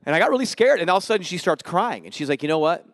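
A man, a visiting missionary, telling a story to a church congregation in a quick, lively way and acting out the dialogue. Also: high voice, no room sound, clean studio sound. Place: church service.

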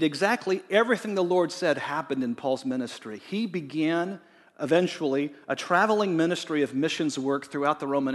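A man preaching a sermon in a conversational way, rising to emphatic readings of scripture. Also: high voice. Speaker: pastor. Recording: long reverb of a large hall.

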